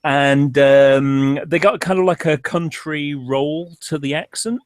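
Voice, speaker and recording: A man from England with an English accent, telling stories in a casual group chat with many pauses. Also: fairly high pitch, steady tone, clean tone, no echo. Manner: storytelling, hesitant with fillers.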